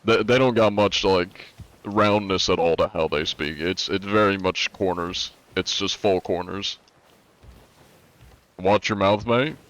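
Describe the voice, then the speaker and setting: A young man with an American accent talks to his live-stream chat in a relaxed, meandering way, filling his sentences with likes and ums. His voice sits very low. He sounds easygoing and unhurried as he answers viewers' questions. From United States. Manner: laid-back, rambling, lots of likes and ums.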